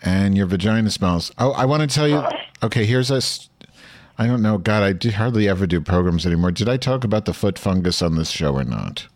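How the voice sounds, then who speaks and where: Man, comedy host, rambling crude stories, low voice, very lively pitch. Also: a little fast. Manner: rambling, crude and deadpan, with frequent fillers. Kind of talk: casual comedy chat.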